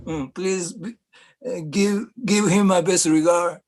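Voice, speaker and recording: A man's voice: high-pitched, steady tone, slow pace, darkish tone. A man, speaking hesitantly with many fillers before performing a poem at an open mic. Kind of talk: spoken word poetry.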